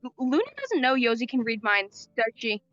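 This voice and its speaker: A woman playing a tabletop game, describing her character's actions haltingly with many fillers. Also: a little high, sing-song, fairly bright tone, muffled recording, soft background music. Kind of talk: casual game talk.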